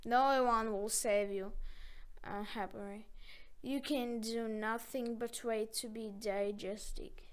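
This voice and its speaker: A woman voicing a calm, philosophical old tuna who speaks in a slow, measured, resigned way. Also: a little high, smooth.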